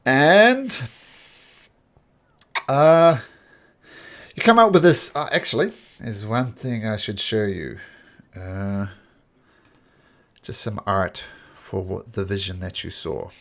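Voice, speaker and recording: A man's voice: on the low side, expressive, slow, long pauses. A man narrating as a tabletop game master, rambling with many fillers.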